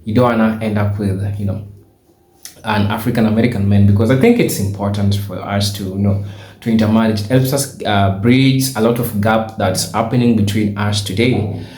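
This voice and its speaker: A man's voice: lowish voice, fairly even intonation, normal speed, a little mellow. Hesitant Kenyan-raised man in echoey room. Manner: questioning, hesitant with fillers. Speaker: host. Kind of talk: reaction commentary.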